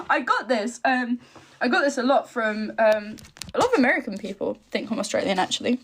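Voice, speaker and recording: A woman's voice: on the high side, big pitch swings, fairly bright tone, slight background noise. A chatty, giggly English woman in her twenties from the east of England, hosting a casual live stream and answering viewer comments. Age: 20s. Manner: chatty and giggly, quick asides. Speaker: livestream host.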